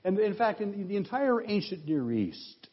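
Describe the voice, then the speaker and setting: Pastor, male, husky voice, teacherly sermon delivery with lively pitch swings, dull lo-fi recording. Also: normal speed. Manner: teacherly, asks the congregation questions, reads scripture aloud with comments. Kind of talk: expository sermon. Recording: dull lo-fi sound.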